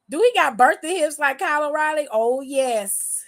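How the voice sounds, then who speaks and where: Sassy lady recapping wrestling, high bright voice, cusses a lot. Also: slow, pauses often. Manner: sassy, profane, slangy. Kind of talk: casual show recap.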